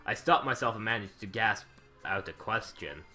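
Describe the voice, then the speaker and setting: A man's voice: lowish voice, lively intonation, normal speed, bright, forceful tone, soft background music. A man hosting a let's play, reading a visual novel's narration aloud with wry ad-libs. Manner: wry, ad-libbing between narration.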